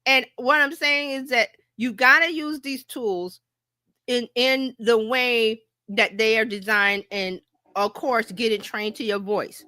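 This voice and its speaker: A middle-aged woman coach presents a marketing workshop in an animated, breezy way. Her voice sits a little high and sounds bright and forceful. The recording is dry and close. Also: takes it slowly, dry recording. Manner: animated, breezy, fills gaps with playful "da, da, da".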